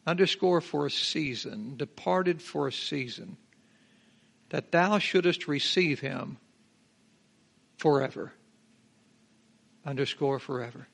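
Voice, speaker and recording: A man's voice: a little high, slow pace, gravelly, long pauses, a bit bright. A middle-aged male pastor teaching a Bible passage verse by verse, emphatic, drawing out key words and asking the congregation rhetorical questions.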